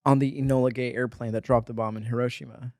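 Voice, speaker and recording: A man's voice: mid-range voice, fast, no echo, studio quality. A man co-hosting a casual podcast, an actor and comedian who tells stories loosely and acts out what other people said. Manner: animated storyteller, acts out quoted voices. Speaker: podcast co-host. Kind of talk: casual chat, storytelling.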